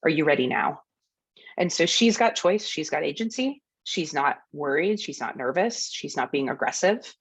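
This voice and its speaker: A woman's voice: low voice, animated, normal speed, hardly any pauses, slightly rough, no room sound. Friendly woman trainer narrating clips. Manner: friendly, explanatory, narrates clips with ums and laughs. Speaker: dog trainer presenting a workshop. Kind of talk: educational webinar talk over video clips.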